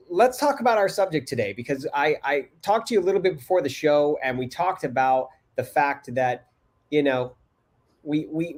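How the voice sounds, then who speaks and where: Man, show host, casual conversation, hesitant and repetitive, slightly high pitch. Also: a little mellow. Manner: halting, repeats words, many fillers. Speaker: podcast host.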